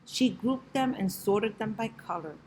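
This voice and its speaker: A woman reading a rhyming picture book aloud in a gentle, rhythmic way. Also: medium pitch, a little slow, slight background noise, rough recording. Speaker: storybook reader.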